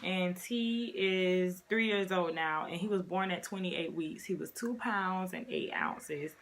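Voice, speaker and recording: A vlogger in her twenties tells a casual storytime in a low, unhurried voice. She's chatty, talks straight to her viewers, and calls them "y'all."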